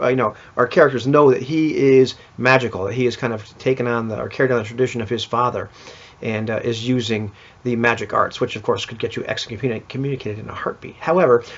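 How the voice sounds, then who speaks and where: A man casually recapping a tabletop game session, rambling with many restarts. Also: mid-range voice. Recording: dull lo-fi recording.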